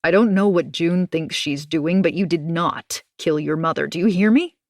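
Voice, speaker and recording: Woman doing a calm reassuring husband. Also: fairly low pitch, normal speed, dry recording, clean studio sound, natural voice. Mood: firm soothing. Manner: firm, soothing, calm. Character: steady reassuring husband, adult man.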